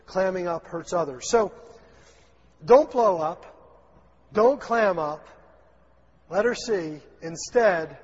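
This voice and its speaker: Southern male pastor, husky tenor, folksy sermon, lo-fi recording in a reverberant sanctuary. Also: sits high, lively intonation, takes it slowly, long pauses, a little mellow. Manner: folksy, acts out little dialogues, chuckles. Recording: dull, lo-fi sound in a long-echo hall.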